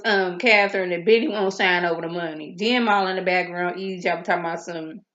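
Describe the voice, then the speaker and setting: A woman gives a casual episode recap, full of sassy asides and quick acted-out quotes. Her voice sits at an ordinary pitch. The recording is muffled and carries noticeable room echo. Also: a bit bright. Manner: chatty, sassy asides, acts out characters' lines. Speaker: TV episode reviewer.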